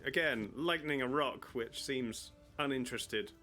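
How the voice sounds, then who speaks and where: A man narrating a tabletop role-playing game as dungeon master, relaxed and chuckling, with frequent hesitant fillers. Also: medium pitch, measured pace. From United Kingdom. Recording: faint music behind. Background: faint music.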